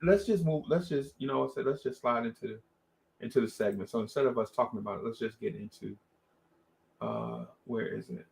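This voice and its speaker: A man's voice: mid-range voice, a little fast, gravelly. A man hosting a casual chat, rambling and slangy, with lots of restarts. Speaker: host.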